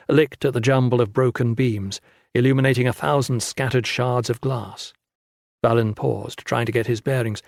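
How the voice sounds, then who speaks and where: A man narrating a fantasy audiobook with steady, dramatic storytelling on a close studio mic. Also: medium pitch, no echo.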